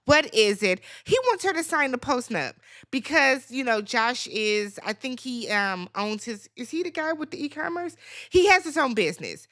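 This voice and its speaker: Woman, high pitch, bright tone, animated sassy recap host. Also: normal speed. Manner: animated, sassy, laughing asides, swears freely. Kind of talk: casual reality TV recap.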